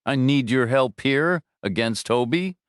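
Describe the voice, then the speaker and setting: A man's voice: medium pitch, expressive, measured pace, clear, resonant tone, no echo, studio quality, lightly acted. A man voicing a small, frightened male business owner who pleads and sounds bewildered. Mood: pleading. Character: small, scared, crumpled male company owner.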